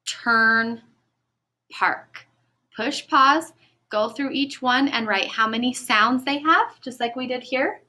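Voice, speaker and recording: A woman teaching a recorded phonics lesson to children, speaking clearly and encouragingly and stretching out the sounds of words. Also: a little high, pushed and bright. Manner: slow, clear, encouraging classroom delivery.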